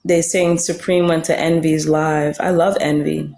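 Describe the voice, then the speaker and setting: A woman's voice: sits low, level tone, a little slow, creaky, darkish tone, echoey room. A woman hosting a casual livestream chat, blunt and swearing freely, rambling with restarts. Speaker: livestream host.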